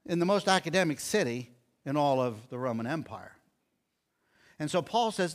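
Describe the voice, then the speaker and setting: Animated man preaching a sermon. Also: a little high, moderate pace. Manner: animated storytelling, acting out quoted lines. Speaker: pastor.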